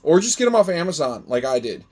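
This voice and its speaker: A man's voice: on the high side, very animated, fast talker, darkish tone. A man talking casually through a do-it-yourself how-to video, rambling and friendly, with many ums and uhs. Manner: rambling, filler-heavy, friendly. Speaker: hobby grower demonstrating gutter parts.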